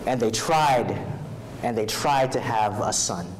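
A man preaching as pastor at a live evening worship service. He reads scripture aloud, pauses to have the congregation fill in words, and grows louder when preaching but drops soft and low for personal stories. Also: a little hiss or hum, rough recording. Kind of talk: sermon.

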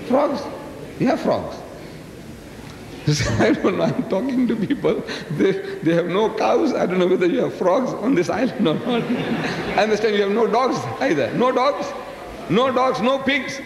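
An older South African man with a big, carrying voice lectures a hall crowd, bouncing his pitch up and down as he teases and quizzes his listeners. He sits a little high for a man. The sound rings around a large, echoey room over a faint hiss. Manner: animated, teasing, asks the audience questions; booming, carrying voice. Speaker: public speaker. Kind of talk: lecture to a live audience. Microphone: PA microphone.

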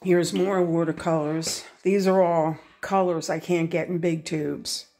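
Slow-talking woman showing her craft room. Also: fairly low pitch, flat delivery, dark tone. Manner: unhurried, pointing things out one by one. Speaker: crafter giving a room tour. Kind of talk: casual home video tour. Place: home craft room, indoors.

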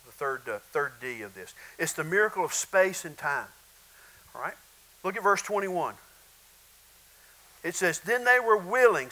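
Preacher guy, high bright voice, keeps hammering his point home. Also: low-quality recording. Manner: emphatic, repetitive, addresses congregation as guys. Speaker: pastor. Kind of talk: sermon.

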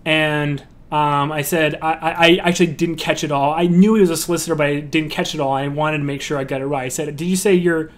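A man's voice: fairly high pitch, fairly even intonation, fairly quick, few pauses, a bit bright. Chatty man lecturing, many fillers. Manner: chatty, full of fillers like "like" and "um", with frequent restarts. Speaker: filmmaker teaching about crowdfunding. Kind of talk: casual lecture with a storytelling aside.

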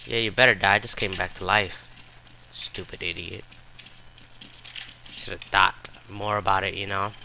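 A man's voice: deep voice, fairly even intonation, measured pace, vocal fry, long pauses, background noise. A man giving live gameplay commentary, frustrated and trash-talking with profane outbursts.

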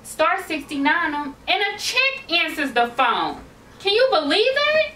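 A woman's voice: very high voice, very animated, unhurried, bright, forceful tone. A woman acting in a comedic drama, talking in a sassy, exasperated way. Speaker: actress in a short film. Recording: distant mic with music bed.

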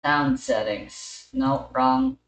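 A man casually talking through a gameplay recording and chatting with a friend, relaxed and mumbling to himself. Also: very high voice, drawn-out words, vocal fry. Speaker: gamer recording a playthrough. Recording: roomy, distant from the mic.

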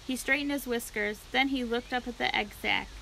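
A woman narrating a children's book aloud for a library read-aloud, in a clear, steady storytelling way. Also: a little high, fairly quick, slight background noise, poor audio.

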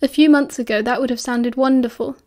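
A woman with a British accent reading an audiobook in an even, measured way. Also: high-pitched. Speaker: audiobook narrator. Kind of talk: audiobook narration.

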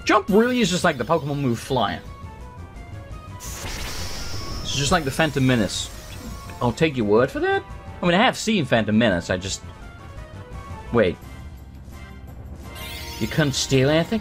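A man's voice: on the high side, sing-song, normal speed, long pauses, soft background music. A man hosting a let's play, talking through a game in a hyper, joking, chatty way. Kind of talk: gameplay commentary.

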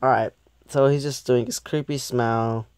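A man's voice: mid-range voice, steady tone, moderate pace, darkish tone, clear, resonant tone, dry recording, clean studio sound. A young man giving a casual, rambling episode review who often loses his train of thought and laughs at himself. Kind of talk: casual video commentary.

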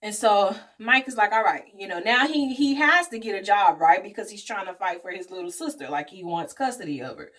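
A woman vlogger casually recapping a movie plot in an animated, slangy way. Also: medium pitch, brisk, hardly any pauses. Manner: animated storytelling, slangy asides, acts out characters' lines. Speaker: beauty vlogger reviewing a movie.

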